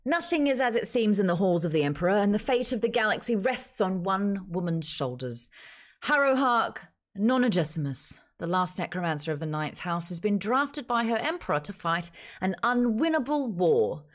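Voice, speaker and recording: A woman's voice: mid-range voice, very animated, moderate pace, close to an everyday voice. A woman imitating a grave, dramatic audiobook narrator while reading a book blurb aloud. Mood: portentous.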